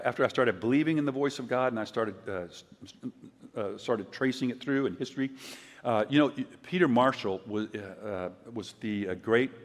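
An older man giving a conference sermon, telling stories in a conversational way and acting out quotes loudly. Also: lowish voice. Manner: conversational storytelling, loud acted quotes. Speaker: preacher. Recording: long hall reverb.

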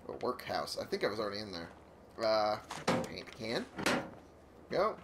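A man's voice: fairly low pitch, sing-song, normal speed, heavy background noise. Man muttering through a game. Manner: muttering, self-deprecating, swears often. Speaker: gameplay commentator. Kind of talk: casual gameplay commentary.

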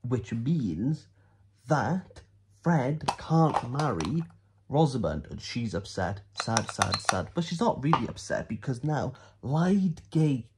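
A man's voice: medium pitch, very animated, slow, heavy background noise. A man giving a comic, rambling book recap as a vlogger. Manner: rambling, playful, silly asides.

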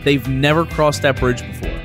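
A man's voice: mid-range voice, normal speed, music in the background. A man co-hosting a casual podcast, telling news stories animatedly with frequent "uh"s and laughs. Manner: animated storyteller, lots of "uh" and laughs. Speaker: podcast co-host.

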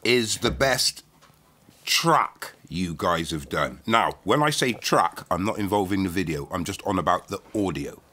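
Male podcast host; animated storyteller with wide swings of pitch, acts out quotes. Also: measured pace. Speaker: guest host interviewing. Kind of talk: casual podcast chat.

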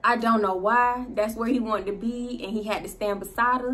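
A woman vlogger telling a story in a casual, animated way, full of slang, swearing and laughing asides. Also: fairly high pitch, moderate pace.

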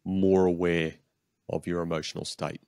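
A man's voice: deep voice, level tone, moderate pace, gravelly, a little mellow. A man hosting a podcast interview, asking brief, attentive questions. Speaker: podcast host.

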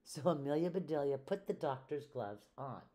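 An older woman, a retired teacher, reading a children's book aloud at a slow, clear storytelling pace. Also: deep voice, lively intonation, mellow. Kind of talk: children's read-aloud narration.

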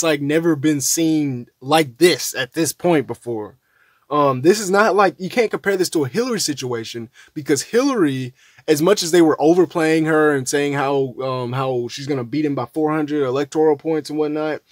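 A man's voice: fairly high pitch, no echo. A man chatting casually about an election map in a loose, rambling way, with many fillers and restarts. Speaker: political commentary vlogger.

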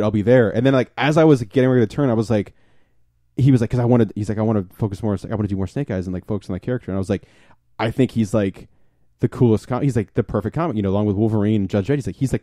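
A young man talks fast, rattling through a convention story and acting out each exchange. His voice is dark and mellow, recorded close and dry with no room sound. He swears freely and keeps the casual chat going. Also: on the low side, no room sound. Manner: excited storyteller, swears freely, acts out quotes. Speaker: podcast co-host.

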